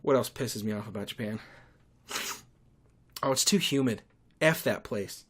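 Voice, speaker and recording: A man's voice: mid-range voice, normal speed, long pauses. Ranting sarcastic man hosting a podcast. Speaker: podcast host. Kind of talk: solo podcast monologue.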